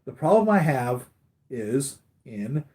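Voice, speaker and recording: A man's voice: medium pitch, sing-song, slow, dark tone. A man hosting a live stream about his collectibles, chatting casually in a rambling, enthusiastic fan manner with lots of fillers. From United States. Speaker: collectibles vlogger.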